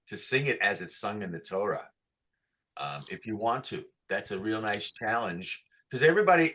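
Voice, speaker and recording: A man teaching a class on chanting, who asks patient questions and sings short phrases slowly to show how they go. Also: mid-range voice, bright, forceful tone. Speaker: cantor teaching Torah chanting. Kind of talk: online class, chanting examples.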